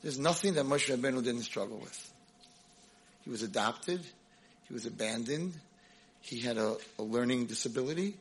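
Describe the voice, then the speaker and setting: A man's voice: mid-range voice, expressive, normal speed, pauses often, a little hiss or hum. A man, a rabbi and educator, giving an emphatic storytelling lecture to a convention audience. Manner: emphatic storytelling, acts out dialogue.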